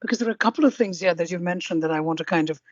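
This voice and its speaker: Measured woman hosting a podcast. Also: lowish voice, dry recording, muffled recording. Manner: measured, deliberate, summarizing. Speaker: podcast host. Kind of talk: interview podcast.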